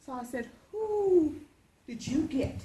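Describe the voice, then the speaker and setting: A woman in her fifties telling a personal story as a speech, lively and acting out the voices. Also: slow pace, roomy sound, slight background noise, rough recording. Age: 50s. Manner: animated, acts out voices with big pitch jumps.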